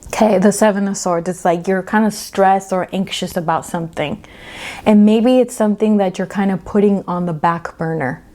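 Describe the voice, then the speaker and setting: A woman's voice: mid-range voice, normal speed, dark tone. A woman giving a casual pick-a-card tarot reading, chatty and emphatic, often checking in with "okay?" and laughing between points. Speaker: tarot reader.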